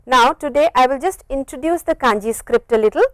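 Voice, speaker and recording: A woman lecturing to a university class, patient and clear, repeating phrases slowly to model them. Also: high-pitched, no room sound, poor audio. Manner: stretches words to model pronunciation. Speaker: university language teacher.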